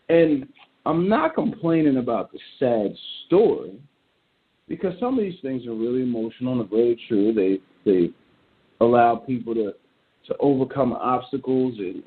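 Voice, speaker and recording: A man hosting a show, ranting in casual commentary in a blunt, animated way and swearing often. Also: medium pitch. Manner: animated, blunt and profane, reacting aloud. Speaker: show host. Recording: tinny phone-like sound.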